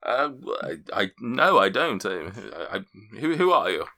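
A man's voice: mid-range voice, big pitch swings, a little slow, sharp tone, pitched above the performer's own voice, exaggerated voice. A man doing a haughty, stammering maître d'. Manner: stammering, affronted. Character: haughty male restaurant maître d'.

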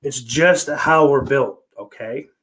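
A man hosting a casual livestream podcast, reading viewer comments aloud and cursing a lot, sarcastic, his voice swinging between loud and quiet. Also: medium pitch, slow. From Irish heritage. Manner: profane, sarcastic, with big swings in loudness.

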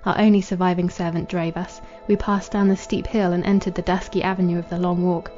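A woman reading a classic novel aloud as a podcast narrator, in a measured, formal manner. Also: on the low side, flat delivery, darkish tone. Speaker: audiobook narrator. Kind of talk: scripted literary narration. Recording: dull lo-fi with faint music.

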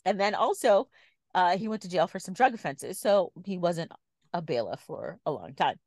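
A woman's voice: lowish voice, animated, moderate pace, a little mellow, no room sound. A woman co-hosting a podcast, telling a story in a chatty way and laughing easily. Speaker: podcast co-host. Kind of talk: casual chat, storytelling.

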